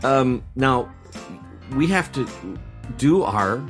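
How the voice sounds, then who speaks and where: A man's voice: mid-range voice, expressive, extremely slow, music in the background. A middle-aged man from Tennessee, co-hosting a news podcast with joking asides. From Tennessee, USA. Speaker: podcast co-host.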